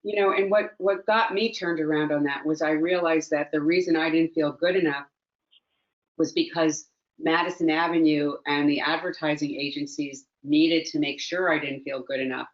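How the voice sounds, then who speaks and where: A woman's voice: deep voice, fairly even intonation, normal speed, lo-fi sound. A woman mindfulness teacher, a guest in a conversational interview, speaking earnestly and reflectively and repeating phrases for emphasis.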